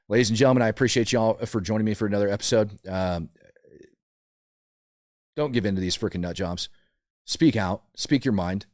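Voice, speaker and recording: A man's voice: lowish voice, darkish tone, no room sound, studio quality. A man hosting an opinion show, blunt and indignant, often stumbling over repeated words as he rants. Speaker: commentary show host. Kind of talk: opinionated political commentary.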